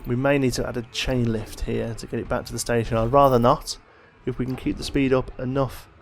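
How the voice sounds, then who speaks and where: In a brisk, mid-range voice with a little background noise, a tired man hosts a let's play. He yawns as he goes, chatting in a relaxed way and thinking aloud about the game.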